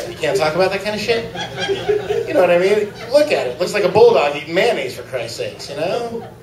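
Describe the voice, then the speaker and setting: High-voiced man for a crude open-mic stand-up set; roomy club sound, mic at a distance. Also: very animated, moderate pace, long pauses, a crowd in the background. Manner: crude joke-telling, laughing at own jokes. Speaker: stand-up comic. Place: small comedy club.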